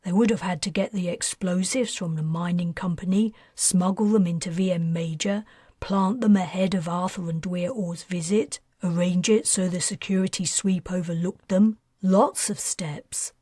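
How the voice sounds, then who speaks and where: A woman's voice: fairly low pitch, fairly even intonation, moderate pace, warm tone, slightly rough, dry recording, clean studio sound. A woman reading an earnest, defensive teenage boy who explains his plans at length, in a storybook.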